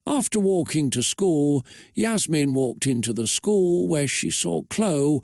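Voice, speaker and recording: A man reading a fan-fiction story aloud for comedy, narrating in a steady, matter-of-fact way. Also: on the high side, slow, gravelly, no room sound, studio quality.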